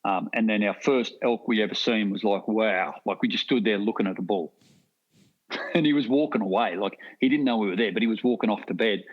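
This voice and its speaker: A middle-aged Australian man spins long stories as a podcast guest, piling up restarts and asides as he goes. His voice sits fairly low, and the recording sounds dull and lo-fi. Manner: rambling, animated anecdotes with frequent restarts. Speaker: guest hunter. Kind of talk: casual storytelling.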